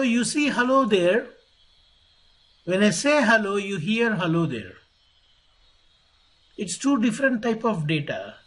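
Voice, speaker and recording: A networking instructor lectures over a laptop call. His voice sits a little high and a bit husky. He talks slowly and deliberately, repeating his points and asking rhetorical questions. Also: rough recording. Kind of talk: online technical lecture.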